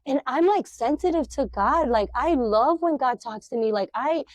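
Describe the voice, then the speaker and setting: A middle-aged woman, a podcast guest, telling a personal faith testimony in an animated, emotional, filler-heavy way. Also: sits high, normal speed, dry recording.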